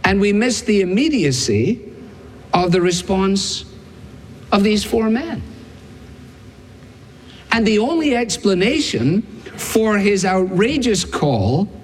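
A man's voice: high-pitched, breathy edge. A man preaching a sermon in an emphatic style, building his points through repeated phrases. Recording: long reverb of a large hall.

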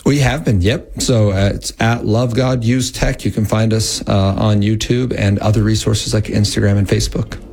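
A man's voice: on the low side, steady tone, moderate pace, vocal fry, few pauses, darkish tone. A man in his thirties, a guest explaining parenting and technology in an earnest, explanatory way. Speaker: guest, Christian tech educator. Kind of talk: interview conversation.

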